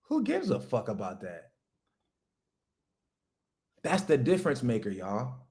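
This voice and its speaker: A man's voice: medium pitch, sing-song, slow pace, long pauses, fairly bright tone. A man hosting a livestream, giving an emphatic, profane motivational rant about business straight to his chat. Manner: talks straight to chat viewers. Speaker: livestream host, business coach.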